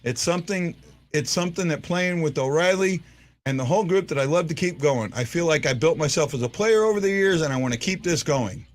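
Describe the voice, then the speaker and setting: A man's voice: fairly high pitch, brisk. A man hosting a fan show, talking casually and rambling, repeating himself and teasing his viewers as he reacts to a game. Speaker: fan podcast host. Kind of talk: casual live-stream commentary.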